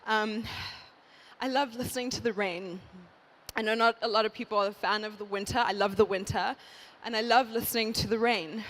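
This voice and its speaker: A woman's voice: mid-range voice, fairly bright tone. A woman giving a heartfelt address at a church women's conference, effusive and emotional, repeating phrases for emphasis.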